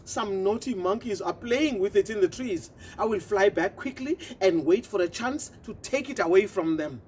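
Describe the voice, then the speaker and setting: A woman's voice: medium pitch, animated, normal speed, a little mellow, a little hiss or hum, close to an everyday voice. A woman voicing a kind, helpful male pigeon in a children's story, eager and reassuring.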